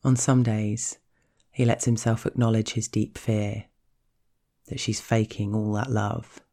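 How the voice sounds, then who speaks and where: A man narrating a scripted story in a slow, hushed, measured way. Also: lowish voice, level tone.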